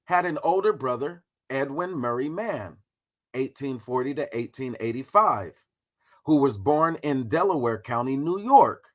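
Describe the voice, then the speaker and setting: A man hosting a casual livestream, talking through history in a slangy, profane, animated way. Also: fairly high pitch. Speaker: host.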